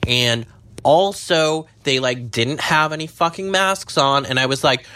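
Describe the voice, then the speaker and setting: A young man rambling and swearing in a casual monologue from his parked car, jumping between low mutters and high squeals. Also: a little slow, bright, forceful tone. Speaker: vlogger.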